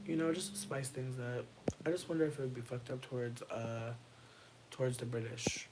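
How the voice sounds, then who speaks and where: A streamer from Connecticut chatting casually to their viewers at home late at night, expressive and dramatic, swearing freely and often dropping into whispers. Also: medium pitch, moderate pace, background noise. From Connecticut, USA. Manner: dramatic, playful, talks to chat. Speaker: livestreamer. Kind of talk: casual livestream chat.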